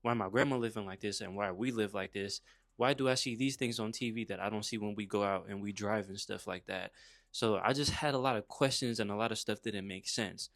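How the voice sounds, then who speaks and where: A young man from Saint Croix tells his own story in a relaxed, slang-heavy way. His voice sits a little low. The sound is dry and close, with no room echo. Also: fairly quick. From Saint Croix, US Virgin Islands. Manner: slangy and laid-back, peppered with "bruh" and "you feel me". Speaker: motivational vlogger. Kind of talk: casual personal storytelling.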